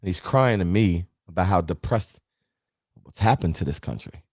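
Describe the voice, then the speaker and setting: A man hosting a motivational talk show, speaking straight to his audience with a preachy, animated delivery. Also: sits low, moderate pace, no echo, clean studio sound. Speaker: motivational show host and town councilman.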